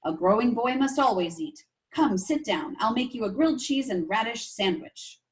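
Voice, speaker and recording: A woman's voice: fairly high pitch, expressive, moderate pace, lightly acted. A woman doing a kindly old Polish lady. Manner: warm, fussing, chatty. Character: kindly smiling old woman, shelter cook.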